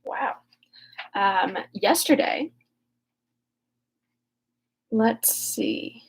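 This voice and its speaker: A young woman casually recapping a classic novel in a chatty, animated way, then reading it aloud. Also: medium pitch, drawn-out words, vocal fry, slightly rough, low-quality recording. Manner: chatty, animated retelling with lots of "like". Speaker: reader and recap vlogger. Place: room lit by a window, recording alone.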